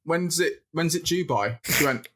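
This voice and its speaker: A man from the north of England, a podcast guest telling a rambling, animated story with restarts and laughs in casual chat. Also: a little high, unhurried, husky.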